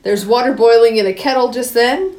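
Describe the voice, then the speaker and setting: A woman's voice: on the high side, brisk. Chatty woman recapping a film, roomy sound. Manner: animated retelling, voicing characters' lines, laughing often. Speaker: podcast co-host. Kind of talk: casual chat recapping a film.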